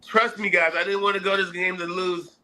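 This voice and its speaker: A man's voice: sits high, flat delivery, a little fast, sharp tone, rough recording. An American man co-hosting a casual sports podcast, talking animatedly and acting out quotes in put-on voices. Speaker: podcast co-host.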